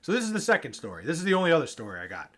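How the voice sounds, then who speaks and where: A man telling sports fan stories to the camera in a casual, animated and profane way, acting out the people he met. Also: fairly high pitch, racing.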